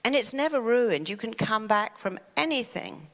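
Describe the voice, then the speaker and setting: A woman's voice: on the high side, normal speed, in a large hall. A middle-aged woman giving a motivational talk, telling stories and acting out the voices in her head. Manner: animated storyteller who acts out inner voices. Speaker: therapist and motivational speaker.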